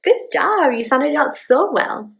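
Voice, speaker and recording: A woman playing a mother in a demonstration skit, gently coaching her child to sound out words step by step. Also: mid-range voice, animated, measured pace, slight background noise, close to an everyday voice, low-quality recording. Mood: encouraging. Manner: gently encouraging, prompting step by step. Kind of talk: acted parenting demonstration skit.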